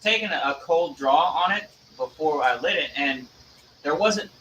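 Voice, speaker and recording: A man talks in a relaxed, chatty way as a guest. His voice is a touch high and bright. It sounds roomy and distant, as if caught from across the table. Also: normal speed, a little hiss or hum. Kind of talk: casual chat. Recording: roomy echo, far from mic.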